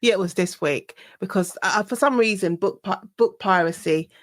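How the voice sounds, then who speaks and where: A woman hosting a podcast interview, expressive in her speech and quick to laugh. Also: mid-range voice. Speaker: podcast host. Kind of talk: conversational interview.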